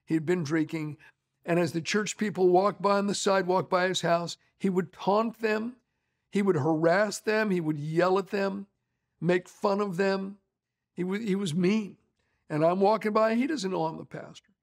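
A middle-aged pastor delivers a conversational sermon, telling anecdotes in a folksy way. His voice sits high for a man and carries a gravelly edge. He restarts his sentences often and leans on casual fillers. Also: moderate pace.

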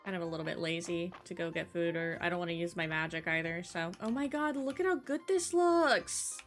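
A young woman hosting a casual let's-play, chatting excitedly and gushing as she plays. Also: lowish voice, a little fast. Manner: bubbly, excitable, gasps and gushes often. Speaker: gaming channel host. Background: faint game music.

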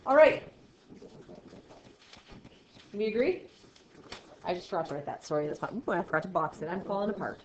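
A woman's voice: lowish voice, animated, quick pace, darkish tone. A woman math teacher lecturing a class, chatty and self-deprecating, quizzing her students as she works. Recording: roomy, dull lo-fi sound with faint noise.

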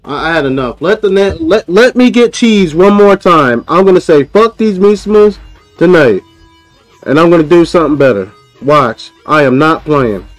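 Aggravated man streamer, high voice, profane repetitive gameplay rant. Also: expressive, moderate pace, no room sound, soft background music, rough recording. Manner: frustrated ranting, repeats himself, profane. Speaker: gaming streamer. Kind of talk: live gameplay commentary.

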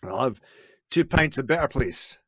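A man's voice: mid-range voice, lively intonation, unhurried, fairly bright tone, husky, no room sound, voice pushed up. A man faking a thick Scottish pub order. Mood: bluffing. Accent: fake Scottish. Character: his younger self faking a thick Scottish accent.

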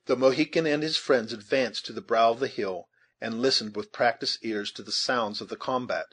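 Husky guy reading an audiobook, steady and measured. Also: medium pitch. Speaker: audiobook narrator. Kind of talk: audiobook narration.

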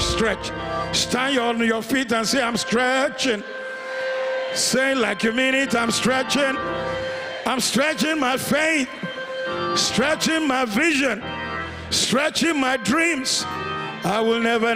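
A man preaching a sermon as pastor, leading the congregation in call-and-response and breaking into emphatic shouts. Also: extremely high pitch. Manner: emphatic call-and-response, repeats phrases and has the congregation echo them; bursts into shouts. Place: church before a congregation.

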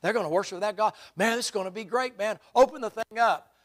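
An excited old prophet with a twang, as a preacher puts him on, swaggering and folksy. He pitches his voice up high and pushes it out eager and loud, rattling along as if nothing could go wrong. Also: fast talker.

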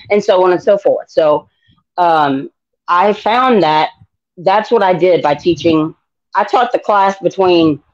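A middle-aged American woman sharing her faith testimony in an interview, animated and acting out dialogue in voices. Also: lowish voice, dull audio. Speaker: guest.

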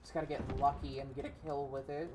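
A woman's voice: very deep voice, flat delivery, quick pace, noisy background. A young woman streamer giving casual gameplay commentary, ranting profanely and frustrated at the game. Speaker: gaming streamer.

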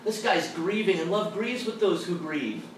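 A man, a Catholic theologian, telling stories to a college audience in an animated, humorous way and acting out the people he quotes. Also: high voice, moderate pace, distant mic. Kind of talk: storytelling talk to a college audience. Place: large hall at a college. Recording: echoey room miked from afar with background noise.

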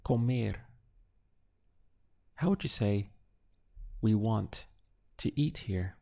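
Slow, low-voiced male Spanish tutor. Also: animated, gravelly, dark tone. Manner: slow, deliberate prompts with pauses for the learner. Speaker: Spanish teacher. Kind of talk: audio language lesson.

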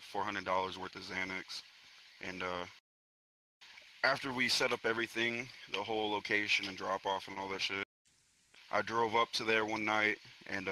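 Young dude from florida swearing his way thru a story, kinda low voice, loose and rambling. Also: a little hiss or hum, low-quality recording. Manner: profane street slang, rambling and animated. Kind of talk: casual storytelling among friends. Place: online virtual social space.

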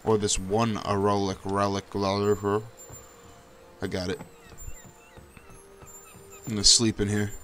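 A young man casually narrating his own gameplay, swearing often and breaking into high yelps when danger shows up. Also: flat delivery, slow pace, long pauses, a bit bright, soft background music. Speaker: gameplay commentator. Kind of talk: casual let's-play commentary.

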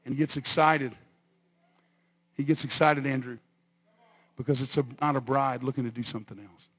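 A male pastor preaching a sermon, swinging from quiet asides to shouted exhortation and calling on the congregation to answer. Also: mid-range voice, steady tone, moderate pace, breathy edge. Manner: calls on the congregation for responses.

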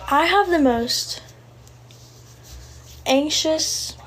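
A woman's voice: sits high, extremely slow, fairly bright tone. A young woman from the United States, tired and sleepy, chatting casually on a livestream and answering viewer comments. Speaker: livestream host.

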